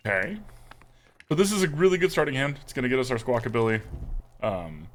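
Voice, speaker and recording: A man's voice: mid-range voice, normal speed, long pauses, slight background noise. A man streaming a card game live, commenting on his plays in a jokey, chatty way and talking to his viewers. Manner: animated, jokey, talks to chat.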